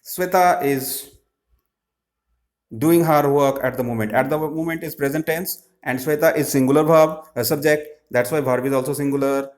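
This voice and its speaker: A man, explaining textbook grammar answers slowly, with many pauses and fillers. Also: on the high side. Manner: slow, halting, many "uh" fillers. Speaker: English teacher.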